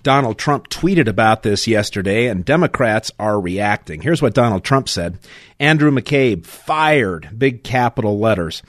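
A man hosting a political talk radio show, brisk and opinionated, taking calls and reading the news. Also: lowish voice, animated, no echo, studio quality. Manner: brisk, opinionated, laughs often. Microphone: studio mic.

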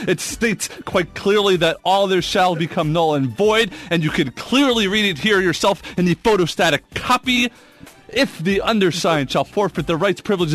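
A man's voice: high-pitched, a bit bright, pitched above the performer's own voice. A man voicing an eccentric candy maker in a rising, mock-legal tirade.

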